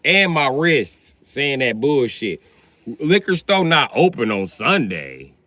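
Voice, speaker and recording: A man on a livestream, firing off a profane, teasing comic rant at his chat. His pitch swings widely as he riffs, jumping between loud jabs and muttered asides. He sits at a middling pitch for a man. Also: slow pace, no room sound. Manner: animated, crude, teasing, riffing off chat comments. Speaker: livestream host.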